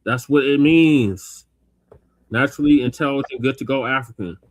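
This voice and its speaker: A man's voice: mid-range voice, moderate pace, no room sound. A man on a casual talk show, lecturing and chiding another speaker in banter.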